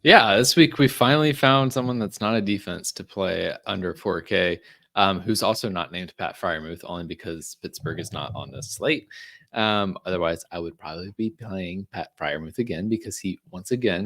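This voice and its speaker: A show regular casually talks through his fantasy football picks in a low, fairly bright voice at a moderate pace. It's chatty podcast banter, full of ums and restarts, with the occasional dry, sarcastic aside.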